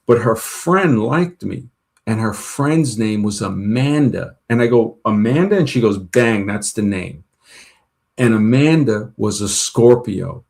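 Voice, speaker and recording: A man's voice: fairly low pitch, expressive, measured pace, vocal fry, a little mellow. A man telling long personal stories in a casual chat, rambling with many restarts and retold dialogue. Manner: rambling, full of restarts and "she goes" retellings.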